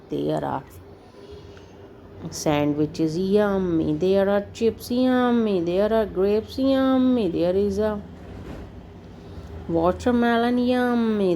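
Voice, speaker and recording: A woman reads simple children's stories aloud for a lesson, commenting as she goes and clearing her throat now and then. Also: low voice, dark tone, a little hiss or hum, poor audio. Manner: slow, deliberate reading with little comments and throat clearing. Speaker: English teacher for children.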